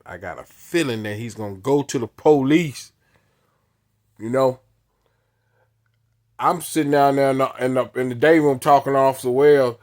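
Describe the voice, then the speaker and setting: A man in a medium-pitched voice tells a story in casual talk. His phrasing is blunt and punchy, and he repeats lines for emphasis. He acts out the dialogue as he goes. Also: moderate pace, pauses often. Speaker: storyteller recounting his past.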